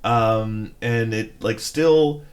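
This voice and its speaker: Man from Maryland co-hosting a podcast; casual and halting, often restarts his sentences. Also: lowish voice. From Maryland, USA. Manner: rambling, halting, with many restarts. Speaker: podcast co-host. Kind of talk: casual chat.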